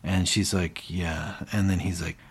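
A man's voice: deep voice, level tone, unhurried, breathy edge. A man co-hosting a casual podcast, retelling scenes animatedly with quoted lines and plenty of fillers. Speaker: podcast co-host. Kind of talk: casual recap chat.

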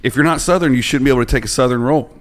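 A man from North Carolina as a podcast guest, speaking quickly with blunt, joking remarks. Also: mid-range voice. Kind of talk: casual chat.

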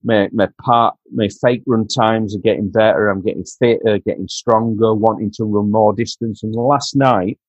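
Steady in tone and barely pausing, this lowish-voiced man talks at normal speed. He's from Doncaster, speaks with a Yorkshire accent, and earnestly shares his story as a podcast guest, repeating himself and calling the host mate. The sound is lo-fi with no room sound.

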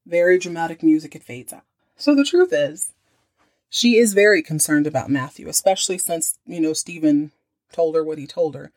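A woman hosting a podcast, recapping an episode in a chatty, slangy, amused way. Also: fairly low pitch. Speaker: podcast host.

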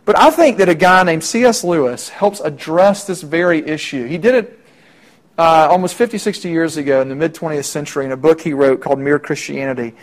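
A man's voice: a little high, fairly quick. Man preaching conversationally. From Middle Tennessee. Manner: conversational preaching with rhetorical questions. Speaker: campus minister. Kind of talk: sermon.

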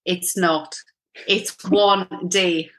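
A woman's voice: fairly low pitch, steady tone, very slow, fairly bright tone. A middle-aged woman coach explaining things plainly in a podcast interview, often checking in with "okay?". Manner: straight-talking, explains with repeated "okay?" checks. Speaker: menopause coach, guest.

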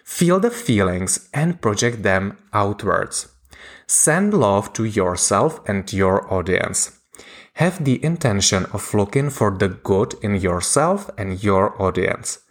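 A man calmly narrating a scripted lesson as a communication coach, in a measured, deliberate way with pauses. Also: fairly low pitch.

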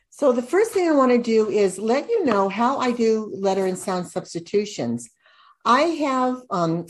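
A woman teaching reading skills, slowly sounding out words and syllables in a demonstration lesson. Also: a little high, darkish tone. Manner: slow, deliberate, sounding out syllables. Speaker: reading tutor. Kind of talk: instructional demonstration.

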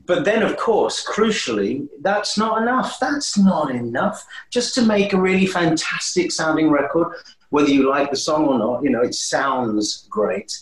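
A guest musician tells stories in a casual interview, recorded in an echoey room with a roomy sound. He is animated, with swooping pitch and a moderate pace, and often restarts his sentences.

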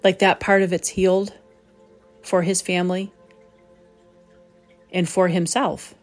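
A woman hosting a reflective spoken talk as a medium, gentle and pausing to search for the right words. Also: lowish voice, level tone, faint music behind. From southern New England. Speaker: psychic medium, host.

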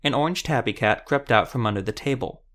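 A man narrating a fantasy audiobook in a steady, even storytelling manner. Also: mid-range voice, fast.

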